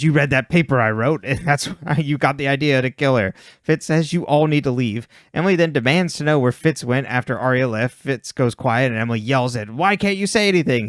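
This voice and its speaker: A man talks through a story recap in a relaxed, conversational way. His voice is smooth and clear, and his tone is wry. The room sounds dry and close. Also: medium pitch, dry recording. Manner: recaps plot in a plain, wry tone and laughs often. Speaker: podcast co-host recapping episodes. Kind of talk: casual chat, reading a plot recap.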